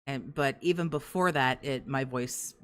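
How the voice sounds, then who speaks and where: A woman's voice: a bass voice, a little slow. A woman hosting casual commentary over stream clips, with crude, sarcastic heckling. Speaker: commentary host.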